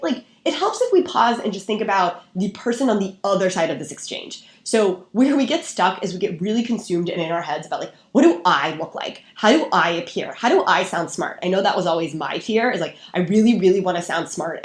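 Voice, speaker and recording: A woman's voice: medium pitch, echoey room. A woman guest on a podcast, a sales and marketing expert talking casually and acting out gushing quotes. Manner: lively, acts out gushing quotes.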